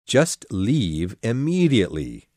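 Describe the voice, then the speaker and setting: A woman reading an audiobook voices a pompous, fussy old king presiding over a trial in a deep, gruff, commanding tone. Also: very animated, slow pace, warm tone, no echo, clean studio sound, heavily acted. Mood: stern.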